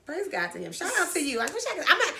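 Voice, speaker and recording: A woman's voice: high-pitched, huge pitch swings, rapid-fire, vocal fry, noisy background. A woman co-hosting a casual chat, a parent who chimes in with reactions and questions. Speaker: co-host, parent.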